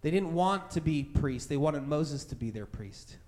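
High-voiced man preaching with animated stories. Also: moderate pace. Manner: animated storytelling, acting out scared voices; conversational, many fillers like "right?" and "like". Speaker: pastor. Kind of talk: sermon with personal story.

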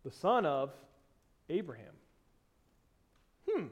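A man preaching a sermon as pastor, reading scripture aloud with slowed, stressed phrases and swinging between loud emphasis and quiet asides. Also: a little high, sing-song, slightly rough, highs cut off.

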